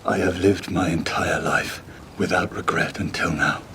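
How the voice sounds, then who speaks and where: A grieving, bitter warrior captain. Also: male voice, low voice, fairly even intonation, moderate pace, slight background noise. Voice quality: hushed, near-whispered. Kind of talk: film dialogue.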